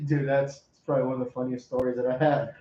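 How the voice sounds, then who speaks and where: A man hosting a podcast, telling a story in an animated way, laughing often and swearing in casual chat. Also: medium pitch, fast. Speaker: podcast host. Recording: roomy, muffled sound.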